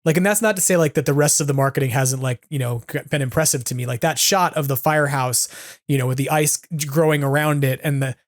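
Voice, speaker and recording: A man's voice: mid-range voice, fast talker, no echo, clean studio sound. A man hosting a podcast, chatting casually and enthusiastically, rambling with lots of "like"s. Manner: enthusiastic, rambling, heavy use of "like". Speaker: podcast host. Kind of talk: casual fan chat.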